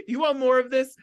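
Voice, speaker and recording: A man's voice: very high-pitched, no echo. A man hosting a casual chat show, effusive and gushing with gratitude toward his guest. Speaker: host.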